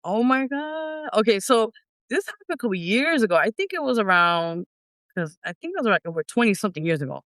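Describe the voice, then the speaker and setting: A middle-aged woman, an independent singer telling stories in an animated way as an interview guest, acting out her own past reactions. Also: medium pitch, fairly quick, no room sound. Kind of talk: casual interview storytelling.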